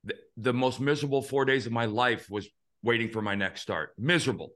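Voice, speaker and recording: A man in his fifties with a bright, forceful voice hosts a casual talk show. He tells his stories earnestly and with animation, with the odd curse thrown in. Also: mid-range voice, fairly quick. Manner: earnest, animated storyteller who swears now and then. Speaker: podcast host. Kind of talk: casual storytelling chat.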